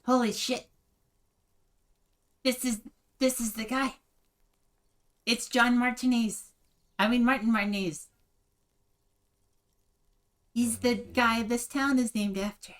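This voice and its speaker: A woman's voice: a little high, fairly even intonation, takes it slowly, long pauses, a bit bright. A woman streaming a video game and chatting casually with frequent laughter. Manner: chatty, giggly.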